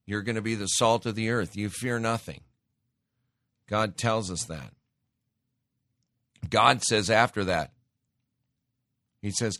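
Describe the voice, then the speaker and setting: A man's voice: on the low side, slow, pauses often, fairly bright tone, no echo, studio quality. A man preaching a sermon, reading scripture aloud and exhorting his listeners in an emphatic, direct way.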